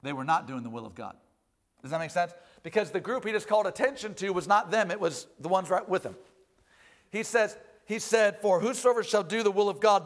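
High-voiced preaching pastor. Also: male voice. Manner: animated preaching, rising loud for emphasis and dropping low for quoted lines. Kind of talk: sermon. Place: church.

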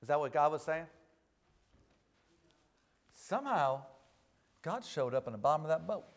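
A man preaching a sermon in a higher-pitched, very animated voice at a moderate pace quotes scripture in archaic King James language. Again and again he invites the congregation to answer "amen."

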